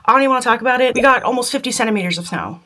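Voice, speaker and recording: Chatty, self-mocking woman vlogger, higher voice. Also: expressive, rapid-fire, bright, forceful tone. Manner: chatty, self-deprecating, laughs often. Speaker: beauty vlogger. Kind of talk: casual makeup tutorial chat. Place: home, at her makeup table.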